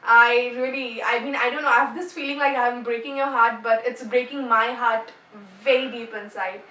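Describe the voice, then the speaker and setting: A woman's voice: on the high side, steady tone, normal speed, pushed and bright. A young woman with an Indian accent, chatting playfully to camera as a YouTuber and mixing in Hindi words. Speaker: YouTuber announcing a giveaway winner. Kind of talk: casual vlog talk to camera. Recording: echoey room, camera at a distance.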